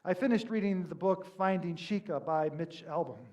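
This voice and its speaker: A man's voice: high voice, normal speed, warm tone. A male pastor giving a sermon in a conversational, storytelling manner with emphatic peaks.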